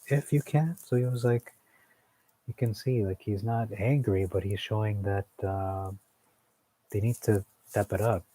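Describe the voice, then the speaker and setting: A man's voice: fairly low pitch, level tone, measured pace, mellow, poor audio. A man leading an informal Bible study, thinking aloud as he explains what words mean, with frequent fillers.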